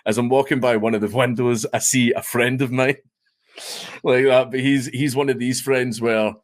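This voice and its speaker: A man's voice: medium pitch, little pitch movement, moderate pace. A Scottish man telling a story as a guest on a podcast, rambling, swearing freely and laughing often. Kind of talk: casual storytelling chat.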